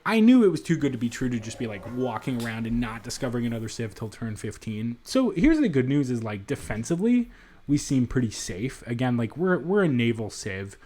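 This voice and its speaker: Lively-voiced man thinking aloud over a game. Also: mid-range voice, brisk. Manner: thinks aloud, rambling, many fillers and restarts. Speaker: gamer. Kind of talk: let's play commentary. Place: apartment in a city.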